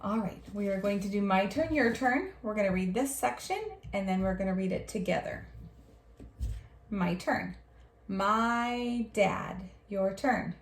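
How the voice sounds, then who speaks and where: A woman teacher leading young children through a reading lesson, modelling each line slowly and praising them. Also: medium pitch. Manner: slow, drawn-out modelled reading with encouraging praise. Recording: roomy echo.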